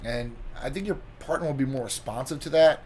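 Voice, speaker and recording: A man's voice: mid-range voice, fairly quick, slight background noise. A man co-hosting a health and lifestyle show, giving advice in a loose, casual way, full of "you know" and "like". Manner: relaxed, loose, many fillers like "you know" and "like". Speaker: co-host. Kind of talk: casual chat.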